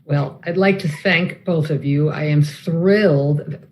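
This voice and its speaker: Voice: medium pitch, takes it slowly. Event host, informal, uh fillers, video call. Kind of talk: hosting a live online book event.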